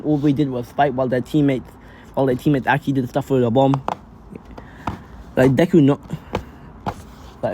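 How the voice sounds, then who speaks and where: A man casually improvising a fan-fiction story out loud, rambling with lots of fillers and restarts. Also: mid-range voice, a little hiss or hum, low-quality recording.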